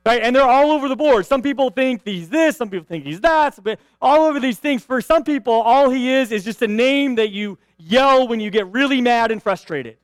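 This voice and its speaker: A man's voice: very high voice, expressive, normal speed, hardly any pauses, clean tone, no room sound. A man preaching a sermon in a conversational way, often asking "right?" and restarting his phrases. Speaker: pastor.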